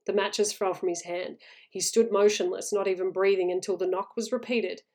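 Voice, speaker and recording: A woman reading a horror short story aloud in a measured, suspenseful way. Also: mid-range voice, steady tone, a little mellow.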